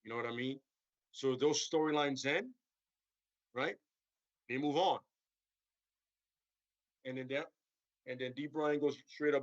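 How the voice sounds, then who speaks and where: A man's voice: medium pitch, measured pace, long pauses, dry recording, lo-fi sound. A man hosting a stream, rambling casually about wrestling storylines and tagging sentences with "right?" and "you know what I'm saying?". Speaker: stream host.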